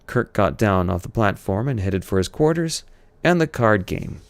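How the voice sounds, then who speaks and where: A man reading a novel aloud in steady, unhurried narration. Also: on the low side, clean tone, dry recording. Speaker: audiobook reader.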